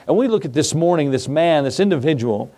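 A man's voice: on the high side, animated, brisk, mellow. A man preaching a sermon, reading scripture and telling a folksy story in a conversational way. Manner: folksy and conversational, acts out voices in his story. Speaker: pastor.

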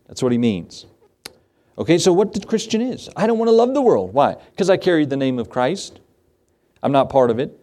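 A man's voice: medium pitch, warm tone. A middle-aged man, a pastor, preaching a sermon in a conversational way and often asking his listeners questions.

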